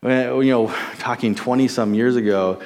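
A man's voice: mid-range voice, fairly even intonation, moderate pace, a little mellow. A man in his forties from Minnesota, teaching on a psalm in a casual, enthusiastic sermon style with frequent restarts. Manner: enthusiastic, conversational, with many restarts. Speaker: Bible teacher.

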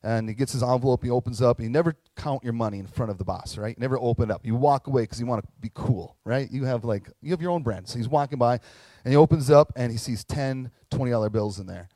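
Male pastor, lively chatty sermon delivery, dry unreverberant mic. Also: mid-range voice, fast talker, dry recording, rough recording. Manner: animated storytelling, conversational asides.

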